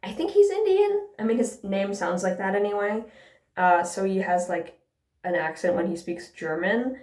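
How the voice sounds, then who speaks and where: A woman's voice: mid-range voice, lively intonation, moderate pace, a little mellow. A woman vlogger telling a casual, sarcastic storytime rant and swearing freely along the way. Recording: roomy echo.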